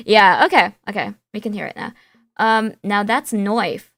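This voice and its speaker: A woman's voice: mid-range voice, animated, takes it slowly, a bit bright, dry recording. A woman streaming a surreal game, reading its text aloud and chatting in a playful, rambling way. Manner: playful, rambling with fillers and restarts.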